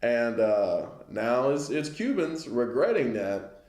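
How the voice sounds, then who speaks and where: A man's voice: mid-range voice, big pitch swings, slow pace, darkish tone, echoey room. A man giving a casual lesson on the news, talking it through conversationally and often checking in with listeners. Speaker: Bible class teacher.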